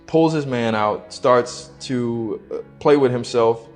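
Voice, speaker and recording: A young man, an interview guest, telling a personal story slowly and haltingly in casual slang. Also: mid-range voice, faint music behind.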